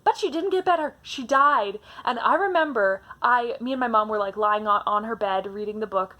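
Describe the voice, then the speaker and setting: A young woman from Canada talks books in a chatty, animated way, with plenty of fillers along the way. Her voice is bright and sits a touch high. It is a casual book tag chat. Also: moderate pace. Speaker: book vlogger.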